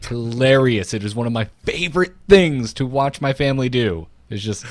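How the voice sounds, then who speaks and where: A man's voice: mid-range voice, animated, normal speed, dry recording, studio quality. A man with a slight Florida drawl co-hosting a gaming podcast, chatty and joking with lots of fillers. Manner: chatty, jokey, many fillers and restarts. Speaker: podcast co-host. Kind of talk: casual chat.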